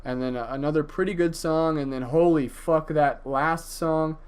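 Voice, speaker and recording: A man's voice: a little high, fairly even intonation, normal speed, darkish tone, smooth. A man casually reviewing an album, enthusiastic and profane, with frequent hesitations and fillers. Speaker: music reviewer.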